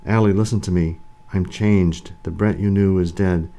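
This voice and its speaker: A man voicing an undead male vampire lover who speaks in a calm, low, intimate way. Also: normal speed, creaky. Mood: eerie.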